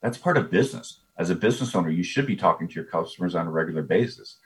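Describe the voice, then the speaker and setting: A man's voice: sits low, animated, very fast. A man talking as a business coach guest in a casual interview, eager and often repeating his first words. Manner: eager, repeats words when starting a thought.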